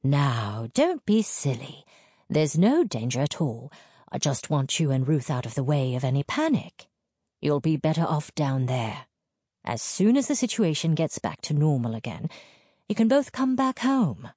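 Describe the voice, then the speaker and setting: A woman's voice: deep voice, very animated, a little slow, dark tone, slightly rough, no echo, full character voice. A woman voicing a man in his late thirties, a mining engineer who talks in a dry, clipped, dismissive way. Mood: firm.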